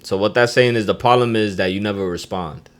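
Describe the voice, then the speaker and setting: A man hosting his own podcast, giving a casual, slangy lesson and calling out Spanish phrases with loud emphasis. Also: on the low side, brisk. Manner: laid-back street slang. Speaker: podcast host.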